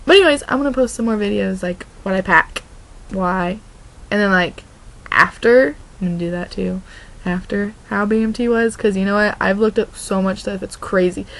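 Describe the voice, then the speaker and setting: Recorded roughly, a young woman vlogging from Oregon, USA, speaks at normal speed in a creaky, medium-pitched voice. She chats loosely, keeps restarting sentences and leans on "like" in almost every line.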